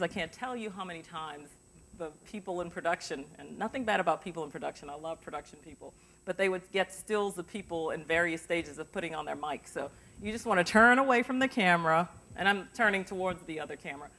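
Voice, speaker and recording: A middle-aged woman runs a workshop at a university forum, wearing a lapel mic. Her voice is bright and clear, sitting at an ordinary pitch. She is chatty and lively, throwing questions to the room to keep the students involved. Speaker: journalist giving an interview workshop. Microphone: lavalier.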